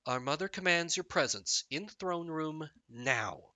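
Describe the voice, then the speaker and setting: A man's voice: a little high, animated, a little slow, bright, forceful tone, dry recording, full character voice. A man reading out a stern princess sister. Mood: insistent.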